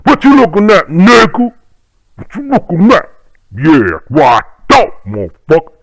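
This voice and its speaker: A man's voice: high voice, huge pitch swings, measured pace, no echo, voice pushed up, exaggerated voice. A man voicing an aggressive young male street tough who barks confrontational challenges. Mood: hostile.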